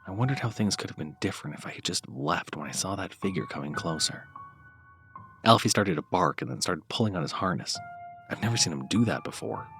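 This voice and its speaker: A man reading a first-person horror story aloud in a dramatic scripted narration, dropping to soft low murmurs and lifting louder at tense moments. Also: lively intonation, brisk, faint music behind.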